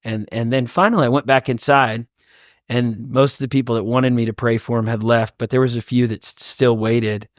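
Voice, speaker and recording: A man, a pastor hosting a podcast, telling stories in an animated way and acting out the voices of others. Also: mid-range voice, brisk, no echo, clean studio sound. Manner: animated storyteller who acts out voices. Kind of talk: casual conversational interview.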